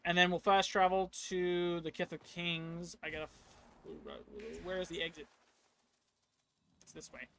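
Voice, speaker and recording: A man's voice: high-pitched, lively intonation, measured pace, creaky, pauses often, sharp tone, a little hiss or hum. A man streaming a video game, chatting casually in rambling asides. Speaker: gaming streamer.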